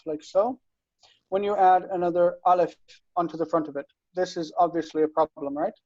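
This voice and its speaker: Teaching grammar online, this Hebrew teacher has a warm, mid-range voice. The video call audio is muffled, and the explanation comes patiently, full of fillers and restarts.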